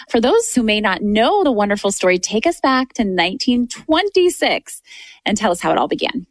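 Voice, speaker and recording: A woman's voice: medium pitch, no echo. A woman hosting a faith radio program, introducing and interviewing a guest in a polished, affirming manner. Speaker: radio host.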